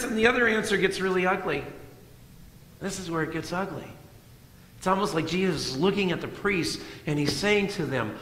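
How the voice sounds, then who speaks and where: A middle-aged man preaching a sermon as pastor, moving between loud emphatic lines and soft hushed ones. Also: sits high, normal speed. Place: church sanctuary. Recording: echoey church hall.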